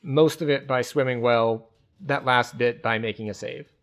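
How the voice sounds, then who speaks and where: Relaxed man narrating his gameplay. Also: mid-range voice, moderate pace. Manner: relaxed, thinking aloud with fillers. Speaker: game streamer. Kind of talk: casual gameplay commentary.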